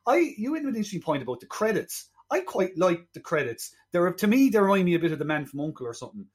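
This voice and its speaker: A man's voice: high-pitched, big pitch swings, fast talker. Chatty man retelling a film plot. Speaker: film podcast co-host. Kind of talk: casual film review chat.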